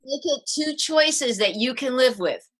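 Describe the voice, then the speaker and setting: A middle-aged woman on a video call, giving parenting advice in a lively interview and acting out her tips with sighs. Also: high-pitched, unhurried. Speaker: parenting author guest. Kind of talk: animated interview talk.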